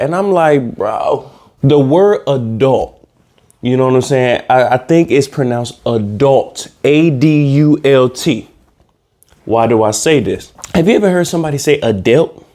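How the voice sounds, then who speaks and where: A man hosting a comedy podcast speaks at medium pitch, a little slowly, in a mellow voice. His monologue is loose and slangy, and he repeats himself for laughs.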